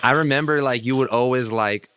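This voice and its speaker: A podcast guest talks quickly in a low but bright, clear voice. He rambles casually and fills his sentences with "like" and "you know". The sound is close and dry. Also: no room sound. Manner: rambling, full of "like" fillers.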